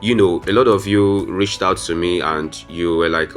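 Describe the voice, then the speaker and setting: Casting: deep-voiced male tutor giving step-by-step design instructions over faint guitar music. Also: moderate pace. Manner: step-by-step instructions, frequent "um" fillers, addresses viewers as "guys". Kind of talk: screen-recorded software tutorial.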